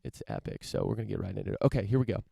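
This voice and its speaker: A young man with a low, gravelly, mellow voice hosts a solo podcast in casual chat. He rambles, swears freely and fills gaps with ums and restarts. The sound is dry and close. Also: very animated, very fast, dry recording. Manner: rambling, profane, lots of fillers and restarts. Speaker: podcast host. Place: parents' home, indoors. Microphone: camera setup for a live stream.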